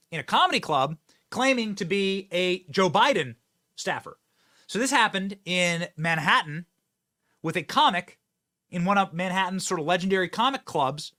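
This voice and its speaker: A male host delivers political commentary in an energetic, projecting style. His voice is bright and a little high, and it climbs and dips with lively swings as he drives his points home.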